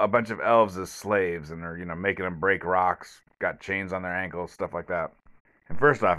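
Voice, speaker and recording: A man hosts a solo podcast review alone at home, his voice low and a bit bright. He rambles bluntly and sarcastically, full of fillers and restarts.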